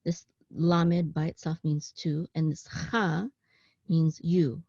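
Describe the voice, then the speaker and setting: Woman, lowish voice, Hebrew teacher, halting casual explainer, dull dry recording. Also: little pitch movement, darkish tone, no echo. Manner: halting, with frequent ums, self-corrections and "okay?" check-ins. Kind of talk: casual online class, explaining text on screen. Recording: dull lo-fi sound, dry close room.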